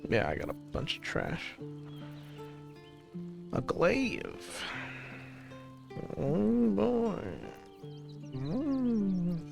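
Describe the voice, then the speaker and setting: Gravelly rambling male game streamer. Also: high voice, very animated, very slow, long pauses, music in the background. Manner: rambling, swears casually, fills dead air. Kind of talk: gameplay commentary.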